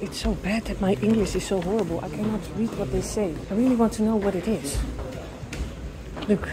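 A woman with a Dutch accent chatting excitedly in English on a handheld travel vlog, breaking into hushed, awed asides. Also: quick pace, crowd noise, low-quality recording. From Netherlands. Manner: excitable, talks to animals in a high baby voice. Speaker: travel vlogger. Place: outdoors in a park and inside a castle in Japan.

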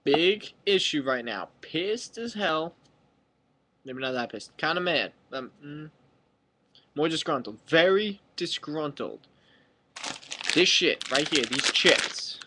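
A man's voice: on the high side, expressive, slow pace, long pauses, sharp tone, a little hiss or hum. A young man vlogging a mock-angry comic rant to camera, exaggerated and sweary.

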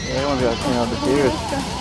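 A man's voice: medium pitch, sing-song, normal speed, over loud music. A man chatting casually in a travel vlog, joking with family and talking to the camera. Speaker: vlogger.

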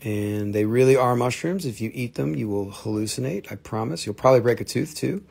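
A man's voice: medium pitch, brisk, vocal fry, darkish tone. A man from North Carolina hosting a live stream selling rocks and minerals, rambling and joking at his own expense. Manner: joking, rambling, self-mocking. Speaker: livestream rock and mineral seller. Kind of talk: casual live-sale chat.

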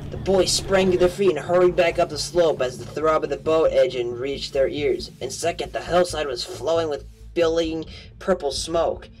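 A slightly high-voiced man reads a novel aloud at a normal pace for an amateur audiobook, tripping over words and fixing them as he goes. It's a low-quality home recording with faint music in the background.

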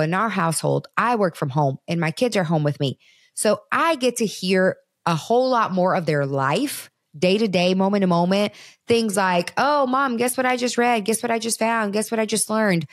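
A woman's voice: lowish voice, no echo, studio quality. A woman in her thirties hosting a parenting talk show, speaking earnestly and conversationally straight to her listeners. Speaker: podcast host.

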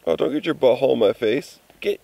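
A man's voice: medium pitch, big pitch swings, fast talker, vocal fry, heavy background noise. A man vlogging while camping outdoors, talking in playful, cooing baby talk to his dogs in the morning.

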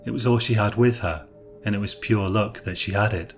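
Low-voiced man narrating a story. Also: brisk, soft background music.

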